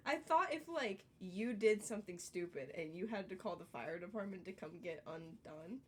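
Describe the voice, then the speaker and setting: A young woman co-hosting a casual podcast, quick and jokey, tossing in playful remarks. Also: medium pitch, expressive, breathy edge. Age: young adult. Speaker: podcast co-host. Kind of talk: casual chat.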